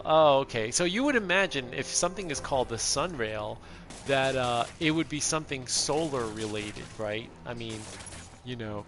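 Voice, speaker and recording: A man's voice: medium pitch, fairly bright tone. A man in his thirties giving casual, rambling commentary while playing a video game, laughing often. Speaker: gameplay streamer.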